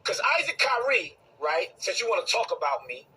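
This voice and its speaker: Husky, high-pitched man ranting forcefully. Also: big pitch swings, normal speed, distant mic, poor audio. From Brooklyn, New York. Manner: confrontational, repeats phrases for emphasis. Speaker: bishop. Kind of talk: heated direct-to-camera rant.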